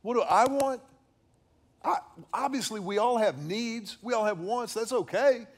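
A man's voice: very high-pitched, a little slow. A middle-aged man giving an earnest faith-based teaching on fatherhood, often repeating and restarting words. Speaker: preacher on fatherhood.

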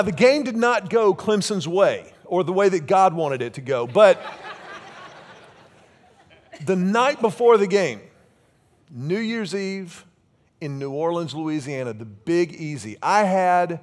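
A man in his fifties preaching a sermon, with lively, humorous storytelling. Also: sits high, slow pace. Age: 50s. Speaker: pastor.

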